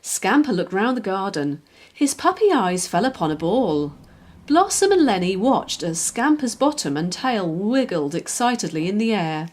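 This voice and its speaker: A woman, a children's author, reading her own picture book aloud in a lively, expressive storytelling way. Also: mid-range voice, moderate pace.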